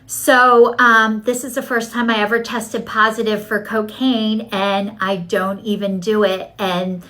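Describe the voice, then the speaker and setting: A middle-aged woman vlogging to her viewers in a chatty, animated way, acting out what people said to her. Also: mid-range voice, a little slow, rough recording. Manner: chatty, animated storytelling, acts out dialogue. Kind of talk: casual talking-to-camera vlog.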